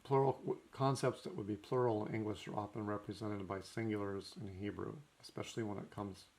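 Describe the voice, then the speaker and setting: A gravelly, darkish, lowish voice delivers a recorded language lesson in a steady tone at a slightly fast pace. The male teacher goes methodically through his notes, frequently saying "okay" between points.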